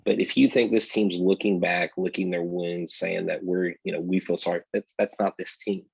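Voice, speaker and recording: A man's voice: deep voice, fairly even intonation, moderate pace, creaky, a little mellow, breathy edge, no echo, poor audio. A man co-hosting a casual sports podcast, talking energetically and straight to his listeners. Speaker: podcast co-host.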